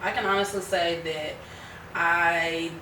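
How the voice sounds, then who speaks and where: A woman's voice: fairly low pitch, steady tone, slow, echoey room, distant mic, noisy background. A woman hosting a podcast in casual chat, laughing often and calling her listeners y'all. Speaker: podcast host.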